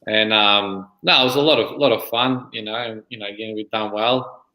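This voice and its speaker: Bright-voiced Australian man, echoey room. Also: fairly low pitch, normal speed. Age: 30s. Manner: rambling, many fillers. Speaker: guest player and junior coach. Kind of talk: casual interview chat.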